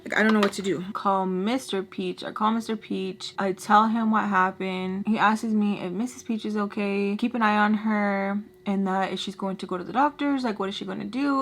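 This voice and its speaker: A woman's voice: mid-range voice, moderate pace, few pauses. Chatty young woman telling a storytime. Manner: chatty, animated, frequent "like" and "y'all". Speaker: vlogger telling a storytime while doing makeup. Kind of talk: casual storytelling.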